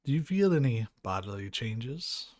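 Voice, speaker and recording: A man's voice: medium pitch, big pitch swings, normal speed, a little mellow, lightly acted. A man reading the lines of an arrogant, hostile older scientist in a video game, speaking in a scornful, demanding manner. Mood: interrogating.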